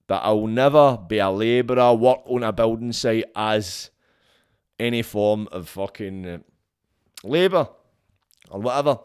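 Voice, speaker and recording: Man, podcast host, solo chat, blunt, sweary, frank, mid-pitched voice. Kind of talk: casual solo podcast monologue.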